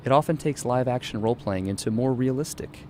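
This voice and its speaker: A man narrating a scripted radio news feature as a reporter, in a measured, even delivery. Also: mid-range voice, slight background noise.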